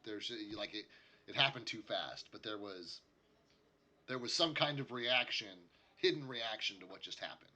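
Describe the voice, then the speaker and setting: Very bright-voiced man running a tabletop game. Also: on the low side, expressive. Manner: halting, many fillers and restarts. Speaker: game master.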